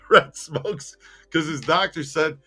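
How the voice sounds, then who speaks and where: Laughing, unhurried podcast host. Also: male voice, fairly high pitch, sharp tone. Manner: laughs often, teasing, reads viewer comments. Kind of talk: casual podcast chat.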